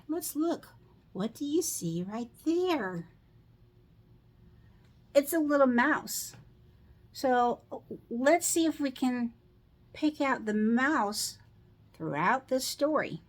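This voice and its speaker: A middle-aged woman reading a picture book aloud to children, pausing to ask them questions about the pictures. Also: a little high, big pitch swings. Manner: slow, asks children questions.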